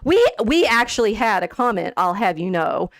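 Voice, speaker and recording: A woman's voice: medium pitch, normal speed, no echo, clean studio sound. Chatty, laughing woman host. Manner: animated and chatty, laughs often, trails off mid-sentence. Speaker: podcast co-host. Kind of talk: casual livestream chat about poetry.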